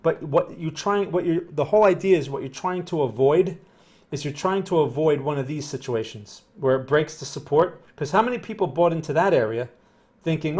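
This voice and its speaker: A man's voice: on the high side, animated, moderate pace, darkish tone. Northern New Jersey man explaining charts. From New Jersey, USA. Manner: conversational, explanatory, often checks "does that make sense"; upbeat when greeting viewers. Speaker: trading analyst streamer. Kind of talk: live-stream market analysis.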